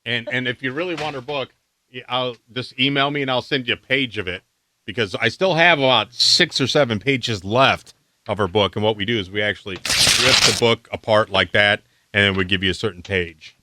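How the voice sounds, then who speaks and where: A man's voice: medium pitch, pushed and bright, a little hiss or hum. A man co-hosting a radio talk show, making teasing jokes. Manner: joking, teasing, quick quips. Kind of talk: casual radio banter.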